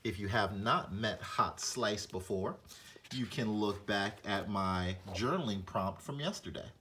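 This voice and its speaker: A man teaching a reading lesson, explaining punctuation and reading a short story aloud to show flat and expressive delivery. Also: fairly low pitch, unhurried, a little hiss or hum.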